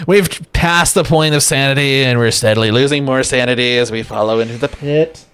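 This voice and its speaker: A sleep-deprived livestreamer chats casually with his viewers from a home webcam setup, rambling and cracking jokes. His medium-pitched voice comes across clear, resonant, and a little bright, at a moderate pace.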